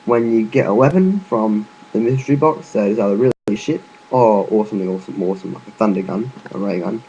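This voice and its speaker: Low-voiced man rambling casually. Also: expressive, fast talker, warm tone, highs cut off, slight background noise. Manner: loose and chatty, with frequent fillers and restarts; offhand, with occasional swearing. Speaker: gaming video narrator.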